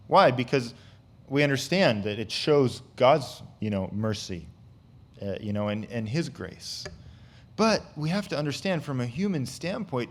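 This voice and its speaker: An American man gives a Bible teaching from the pulpit. His voice sits in an ordinary middle pitch. He speaks casually and keeps returning to "you know" as he goes. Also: animated, normal speed. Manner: conversational, with frequent fillers like "you know". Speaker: pastor.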